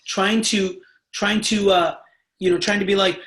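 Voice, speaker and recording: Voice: mid-range voice, fairly even intonation, measured pace, a bit bright. A sales team trainer leading a live online training call, speaking emphatically and checking in with listeners often. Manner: emphatic, repeatedly checks in with the audience. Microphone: video call. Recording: roomy video-call audio.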